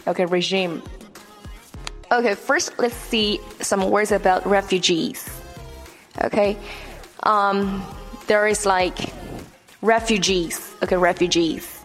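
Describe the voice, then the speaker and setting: A woman's voice: medium pitch, long reverb tail. A woman teaching English vocabulary, repeating each word and checking in with "okay?" after nearly every point. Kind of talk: vocabulary lesson.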